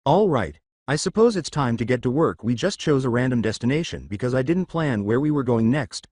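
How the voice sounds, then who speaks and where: A man voicing an ancient female dragon goddess who is playful, teasing and quick to anger, in a fan story reading. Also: mid-range voice, lively intonation, a little mellow, no echo, clean studio sound, close to an everyday voice.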